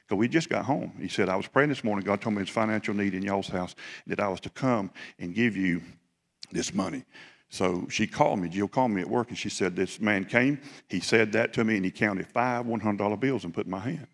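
A male preacher telling a folksy, animated story in a sermon, often laughing and rambling. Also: on the low side, fairly quick, creaky. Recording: long hall reverb.

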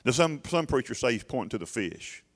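A man's voice: mid-range voice, very animated, brisk. Middle-aged male pastor, church sermon, emphatic, keeps circling back with "listen to me" restarts.

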